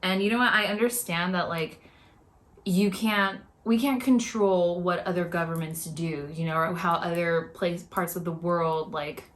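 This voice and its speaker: A woman's voice: lowish voice, steady tone, unhurried, fairly bright tone. A young woman vlogging her reaction, talking in an upset, rambling way with many filler words. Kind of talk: emotional reaction commentary.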